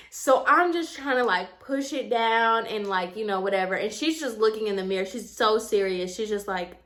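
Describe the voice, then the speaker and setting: A woman's voice: mid-range voice, normal speed, hardly any pauses. A young woman chatting casually to her viewers, telling a story and acting out what people said. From Puerto Rican heritage. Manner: chatty, animated, addresses viewers as y'all, acts out quotes. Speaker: vlogger.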